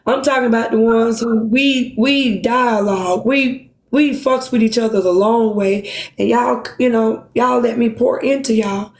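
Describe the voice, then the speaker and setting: A woman's voice: a little high, fairly even intonation, measured pace, reverberant. A woman hosting a livestream, talking in an impassioned, profane and self-reproaching way to her supporters. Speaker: livestream host. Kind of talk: emotional livestream talk.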